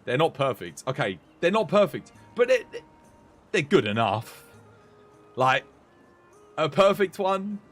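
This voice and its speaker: A young man streaming a game, chatting excitably with his viewers. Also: a little high, measured pace, pauses often, soft background music. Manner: chatty, excitable, talks to chat. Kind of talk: casual live-stream chat.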